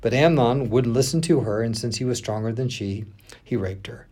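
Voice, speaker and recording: A male pastor reads scripture aloud for a podcast, at a mid pitch for a man. He reads with lively, shifting expression and stops now and then to check a name. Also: moderate pace.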